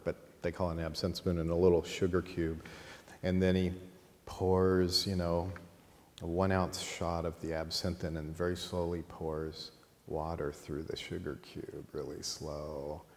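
A middle-aged man teaching a course, telling a long lively anecdote to a class and laughing at his own story. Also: low-pitched. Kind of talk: storytelling in a lecture. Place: college teaching room. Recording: long hall reverb, faint noise.

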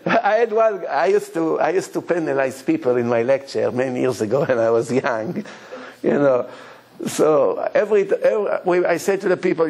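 A man giving a rabbi's lecture, telling stories in an animated way with nonstandard English grammar. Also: on the high side, normal speed.

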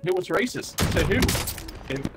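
A man's voice: sits high, lively intonation, moderate pace, very noisy. A man chatting while playing a game, throwing crude sarcastic jabs. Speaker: streamer. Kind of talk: casual gaming banter. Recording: game gunfire behind.

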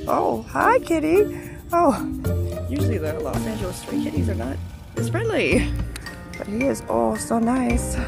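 A woman's voice: fairly high pitch, sing-song, measured pace, creaky. A woman vlogging outdoors with a handheld phone, cooing playfully at a stray cat in baby talk. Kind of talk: casual talk to a cat while filming. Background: background music.

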